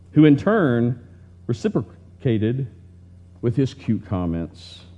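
Slow, earnest male preacher, lo-fi. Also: medium pitch, warm tone. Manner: tender, earnest storytelling. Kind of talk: slow, heartfelt story reading in a sermon. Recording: dull lo-fi recording.

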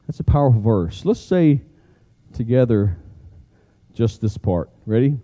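A man preaching a sermon, animated and emphatic, getting the congregation to repeat key phrases. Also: medium pitch, normal speed, muffled recording. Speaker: pastor.

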